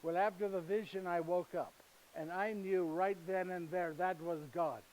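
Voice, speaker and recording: An actor playing a humble, earnest Saint Joseph in a live monologue, speaking halting, slightly broken English directly to his listeners. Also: high-pitched, steady tone, darkish tone, slight background noise, lightly acted, rough recording. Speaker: actor in first-person monologue. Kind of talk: live dramatic monologue to an audience. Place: retreat gathering with live audience.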